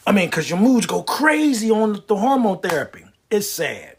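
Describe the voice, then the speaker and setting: A husky-voiced man telling a stand-up comedy story with lots of wisecracks. His pitch swings widely as he builds up jokes in a loose, animated way. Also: fairly quick. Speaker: comedian and prostate cancer survivor.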